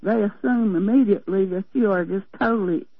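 A woman's voice: medium pitch, brisk, breathy edge, no echo. An older woman from Tennessee with a Southern accent, chatting with a folksy, meandering manner as a radio caller. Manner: folksy, meandering, many fillers and restarts. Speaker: radio call-in listener. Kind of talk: rambling phone chat. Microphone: telephone. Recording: dull lo-fi phone line.

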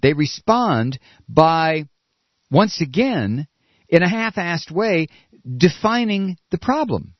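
A man's voice: fairly high pitch, expressive, slow, no room sound. A man delivering an angry political rant, profane and sarcastic, with mocking asides. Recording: dull lo-fi recording.

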